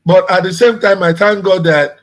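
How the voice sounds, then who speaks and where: Relaxed man talking casually. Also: high voice, normal speed, poor audio. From Nigeria. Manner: relaxed, conversational, with restarts. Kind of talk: casual chat.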